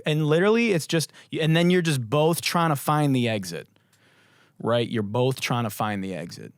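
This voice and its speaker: A young man hosting a casual solo podcast, hoarse with his voice mostly gone, rambling and swearing in a jokey way. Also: medium pitch, moderate pace, no room sound, studio quality. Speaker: podcast host.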